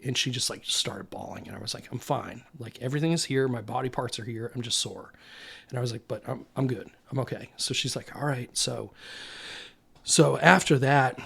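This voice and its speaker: A man's voice: mid-range voice, creaky. A young man, a Marine veteran, recounting his deployment in a candid, rambling way, full of fillers and acted-out dialogue. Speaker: Marine infantry veteran guest. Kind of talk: casual storytelling interview.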